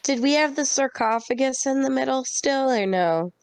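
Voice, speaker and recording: Brief: higher-voiced woman, matter-of-fact gamer, dry close mic. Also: normal speed, clean tone, no echo. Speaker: tabletop game player. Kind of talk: casual game chat.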